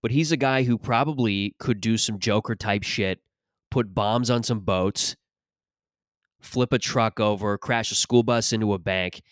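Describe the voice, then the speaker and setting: Still slightly breathless from an allergic reaction, a stand-up comic hosting his podcast rambles through a casual, foul-mouthed monologue, drifting across topics and frequently starting over. He speaks at a measured pace in a voice on the low side. The recording is dry and studio-clean.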